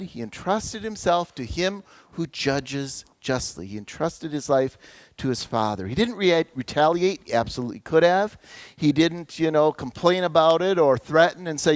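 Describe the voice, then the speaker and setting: A male pastor delivers a sermon in a casual, talk-it-through manner, often slipping into voiced asides. His voice sits a little high for a man and swings widely in pitch. The sound is dry and close. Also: no echo. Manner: conversational, animated storytelling with voiced asides.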